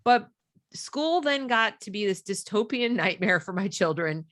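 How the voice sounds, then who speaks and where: A woman's voice: mid-range voice, a little slow, dry recording, studio quality. A middle-aged woman telling a story in casual conversation, acting out the voices of the people she quotes. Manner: animated, acts out quoted dialogue. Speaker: podcast guest.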